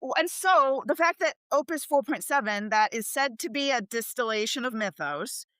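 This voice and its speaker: A woman's voice: sits high, lively intonation, moderate pace, fairly bright tone, dry recording. A woman speaking earnestly in a casual discussion, pushing her point with conviction. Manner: earnest, argumentative. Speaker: panel speaker.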